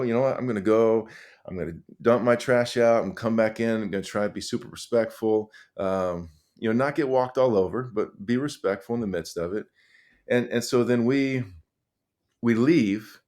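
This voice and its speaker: A middle-aged man, a high school coach, talking through stories in an earnest, animated way with lots of fillers and restarts. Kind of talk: conversational storytelling.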